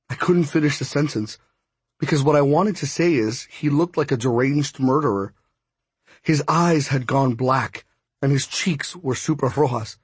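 A man narrating a first-person story as an audiobook, voicing each character with small shifts in pitch. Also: steady tone, normal speed, breathy edge, no echo.

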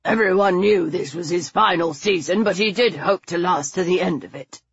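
Woman voicing a gruff grumbling old aristocrat. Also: lowish voice, moderate pace, no room sound, muffled recording. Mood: bitter. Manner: grumbling, blunt. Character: gruff older English aristocrat man, irritable.

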